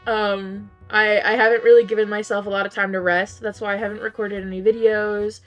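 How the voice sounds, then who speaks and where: A female gamer streams while playing and chats casually with her viewers, her voice hoarse and strained from losing. She answers chat and keeps leaping into high, incredulous outbursts. Her delivery is flat and slightly quick, the audio is dull, and soft music plays underneath.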